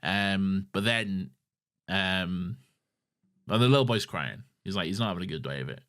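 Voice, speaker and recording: A man with a fairly low voice chats casually as a podcast co-host, swearing freely and putting on the characters' lines as he recaps the story. He talks in a loose, joking way with his co-host. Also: moderate pace, fairly bright tone. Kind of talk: casual chat recapping an episode.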